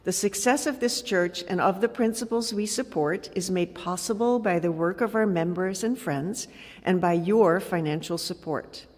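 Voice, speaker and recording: A woman's voice: fairly low pitch, moderate pace, a little mellow. A woman lay leader reading a formal offertory announcement in earnest. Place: church sanctuary. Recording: long reverb of a church hall.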